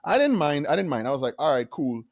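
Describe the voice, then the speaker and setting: A man from Trinidad and Tobago, a guest on an interview show, telling a story in a lively way and acting out the quotes. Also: a little high, fast talker, no echo, clean studio sound. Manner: animated storyteller who acts out quotes. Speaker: guest, university AV manager.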